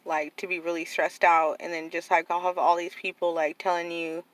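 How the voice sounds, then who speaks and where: A woman's voice: on the low side, flat delivery, moderate pace, no room sound, poor audio. A young adult woman casually telling a personal story to her viewers, rambling and full of "like" and "you know". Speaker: vlogger telling about her nephew.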